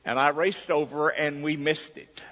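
A man's voice: a little high, flat delivery, measured pace, fairly bright tone, in a large hall. A man preaching a sermon, telling a personal story in a folksy way and acting out its dialogue. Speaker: pastor.

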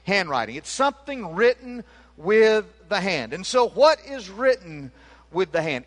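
High-voiced man preaching fervently. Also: big pitch swings, unhurried. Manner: fervent, emphatic preaching that rises to near-shouting. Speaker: pastor. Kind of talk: sermon.

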